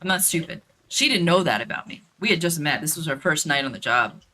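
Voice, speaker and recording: A woman's voice: sits low, lively intonation, fairly quick, pushed and bright. A woman telling a story in a blunt, profane, casual way while streaming a game, with lots of fillers and repeats.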